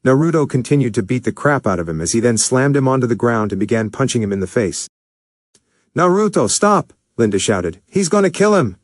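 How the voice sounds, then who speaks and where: A man narrating a fan fiction story in a steady, plain manner. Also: medium pitch, fast talker, few pauses, no room sound, clean studio sound.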